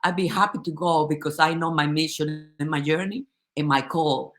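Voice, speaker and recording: A woman's voice: sits low, normal speed. Impassioned woman giving an emotional testimony. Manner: impassioned, emotional, with frequent restarts. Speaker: company supporter giving a testimony. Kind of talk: heartfelt testimonial in a group conversation.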